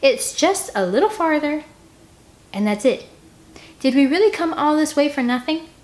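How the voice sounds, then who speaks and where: A woman doing a determined young girl calling out over her friends, high and raised. Her voice is urgent and bright with a storybook feel. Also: expressive, moderate pace, reverberant.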